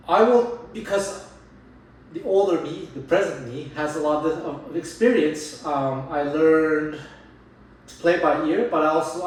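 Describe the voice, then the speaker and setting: Guitar teacher guy, slightly high voice, talks animated, big echoey room, mic a bit far. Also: a little hiss or hum. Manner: animated, emphatic, restarts mid-sentence. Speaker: jazz guitar teacher and channel host. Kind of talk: casual talk on music teaching. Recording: roomy echo, distant mic, faint ambience.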